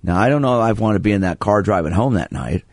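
A man's voice: fairly low pitch, expressive, fast, darkish tone, dry recording. A man from Brooklyn hosting a sports radio call-in show, telling stories and often restarting his sentences. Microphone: studio microphone.

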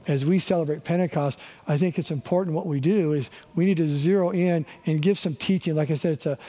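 A man's voice: on the high side, warm tone, long reverb tail. A middle-aged male pastor giving a conversational sermon, often checking in with the congregation. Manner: conversational, asks the crowd "right?" often. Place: church sanctuary.

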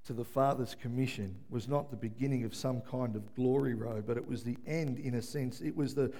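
A man preaching a sermon. He swings from quiet, low passages to shouted peaks and keeps asking the room "yeah?". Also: fairly even intonation, fairly quick, gravelly. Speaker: pastor.

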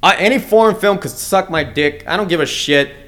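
A man's voice: high-pitched, brisk, a bit bright. A young man hosting his own comedy podcast, ranting bluntly and crudely with lots of stumbles and restarts. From United States. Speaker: podcast host. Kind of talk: casual solo comedy rant.

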